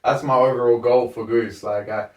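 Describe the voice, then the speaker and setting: A man's voice: medium pitch, steady tone, normal speed, a little mellow. A young man hosting a podcast, chatting in an easygoing, slangy way and calling his guest "bro". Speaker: podcast host. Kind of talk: casual interview chat. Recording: echoey room, mic at a distance.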